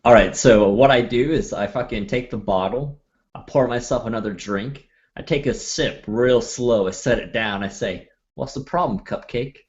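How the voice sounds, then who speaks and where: A man's voice: fairly low pitch, moderate pace, lo-fi sound. Brash man playing a tabletop game. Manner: brash, profane descriptions. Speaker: player.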